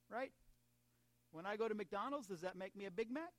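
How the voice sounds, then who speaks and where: A man's voice: high voice, animated, moderate pace, pauses often, no room sound. An American man preaching a sermon in a conversational way, mixing humor and asides with scripture. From United States. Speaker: pastor.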